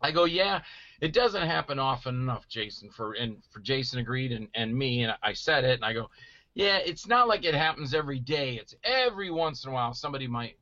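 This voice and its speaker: Animated storytelling man, bright voice. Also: mid-range voice, fairly quick, no echo, dull audio. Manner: animated, acts out quoted voices loudly. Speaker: guest actor telling stories. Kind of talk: casual storytelling chat.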